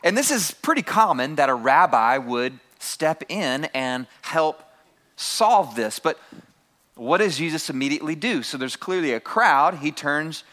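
A man's voice: a little high, lively intonation, a little slow, a bit bright. A man preaching a sermon to his congregation, calling out key phrases and having the room repeat them. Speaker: pastor.

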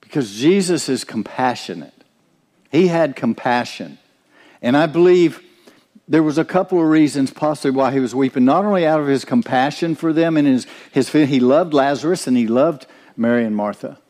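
A man's voice: medium pitch, moderate pace, darkish tone, long reverb tail. A man preaching a sermon, earnest and direct, often turning to ask the listeners questions. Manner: earnest, asks the congregation questions.

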